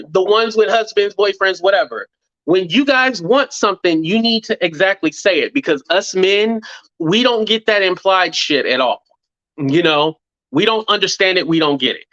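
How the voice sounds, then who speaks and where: A man's voice: sits high, no echo, lo-fi sound. A man hosting his own commentary channel, talking casually and animatedly to viewers, with profanity and acted-out quotes. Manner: animated, acts out quotes in mocking voices; profane, conversational, says "blah, blah". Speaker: YouTube commentary host.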